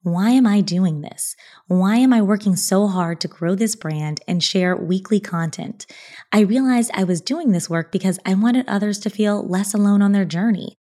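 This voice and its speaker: A woman in her thirties hosting a podcast, telling a personal story in an earnest, reflective way, breaking into bright laughs. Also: mid-range voice, normal speed. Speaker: podcast host.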